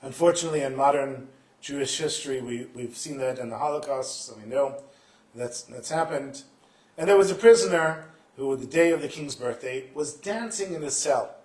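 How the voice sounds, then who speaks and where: A man telling Hasidic stories to a live festival audience with a somewhat high voice. He switches into the characters and sometimes bursts into shouted lines. The sound carries a roomy echo. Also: moderate pace. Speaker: storyteller.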